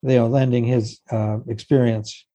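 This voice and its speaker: A man's voice: mid-range voice, little pitch movement, moderate pace, warm tone, rough recording. A man speaking as the guest of an interview, telling stories with chuckles and restarts. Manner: storytelling, chuckling, trailing restarts. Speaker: guest puppeteer. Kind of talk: casual interview chat.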